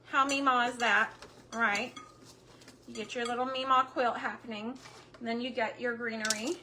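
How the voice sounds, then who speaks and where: A chatty middle-aged woman with a drawl talks her way through a homemaking livestream. Her voice is bright and a little high, and it is slightly hoarse. A faint hiss sits under the recording. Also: steady tone, moderate pace. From Texas. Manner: chatty, warm Southern drawl with frequent fillers and word searches. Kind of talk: casual livestream chat.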